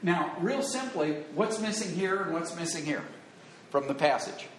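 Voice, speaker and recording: High-voiced preacher in an echoey hall. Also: male voice, lively intonation, normal speed, slight background noise. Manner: earnest teaching, quoting scripture, emphatic repetition. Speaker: pastor. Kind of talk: sermon. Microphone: wired handheld or lapel mic. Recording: echoey room with faint ambience.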